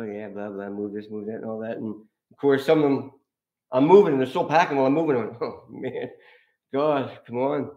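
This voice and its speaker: A man preaching an informal sermon, telling stories with frequent laughter. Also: medium pitch. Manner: animated, laughs often, storytelling. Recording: echoey room.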